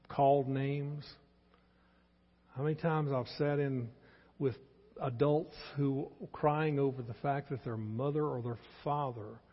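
A man's voice: mid-range voice, slightly rough. A man in his sixties with a Texan accent, preaching a sermon as pastor in an earnest, pleading way and repeating his key points. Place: church sanctuary. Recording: dull lo-fi church sermon with long reverb.

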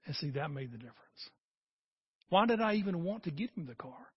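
A man's voice: on the high side, big pitch swings, a little fast, breathy edge, dull audio. A man in his sixties preaching a sermon as a pastor, talking earnestly and conversationally and building to emphatic peaks.

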